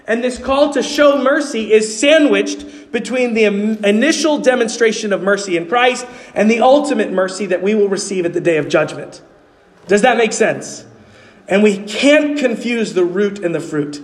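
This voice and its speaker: High-voiced preacher in a reverberant hall. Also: male voice, moderate pace. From New York City. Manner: earnest, asks the congregation questions. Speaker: pastor. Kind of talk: sermon.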